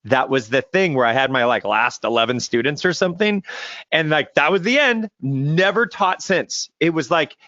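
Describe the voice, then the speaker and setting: Earnest podcast co-host, dry sound. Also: male voice, on the high side, expressive, sharp tone, no echo, dull audio. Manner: earnest, emphatic, quick bursts. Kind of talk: casual chat.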